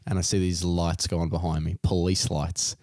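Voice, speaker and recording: A young Australian man casually telling a story on a podcast, animated, his voice jumping high as he retells his panic. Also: normal speed, no room sound, clean studio sound. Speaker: podcast co-host.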